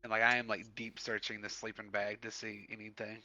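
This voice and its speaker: A man's voice: fairly low pitch, monotone, a little fast, sharp tone. A man playing in a tabletop game, casual and sarcastic. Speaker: player. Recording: dull lo-fi sound with music behind.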